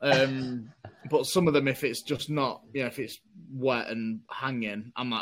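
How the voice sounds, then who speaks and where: A man's voice: medium pitch, fairly even intonation, measured pace, a bit bright. A man, co-hosting a casual podcast and telling self-mocking stories. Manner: chatty storyteller, self-mocking, puts on voices in anecdotes. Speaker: podcast co-host. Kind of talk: casual chat.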